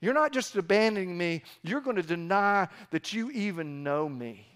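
A firm, deliberate male teacher speaks a sober warning, as a pastor acts him out. His words are measured and stern, and the voice sits somewhat high. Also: expressive, fairly bright tone, clean tone.

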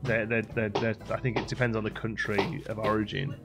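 An English man casually chatting on a live game stream, playful and quick to laugh while reading chat aloud. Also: on the low side, flat delivery, over loud music. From England.

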